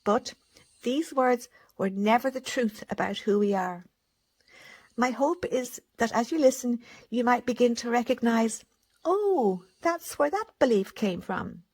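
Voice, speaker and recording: A woman speaks gently to her viewers at home, slowing down on purpose and leaving pauses between her points. Her voice sits a little higher than most women's. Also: lively intonation. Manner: deliberately slow, pausing between comments. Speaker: self-help channel host. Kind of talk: gentle talk to camera on childhood healing.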